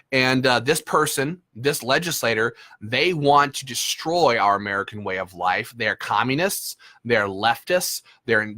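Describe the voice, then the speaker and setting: A man's voice: fairly high pitch, pushed and bright. A man leading a gun rights group, giving combative, emphatic political commentary with frequent fillers like "uh".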